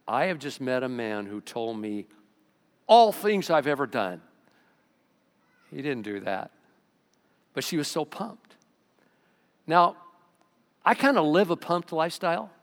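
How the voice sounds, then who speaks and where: A pastor preaching a sermon in an animated way, swinging from loud excited bursts to low quiet asides. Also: male voice. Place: church sanctuary. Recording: long reverb of a large church hall.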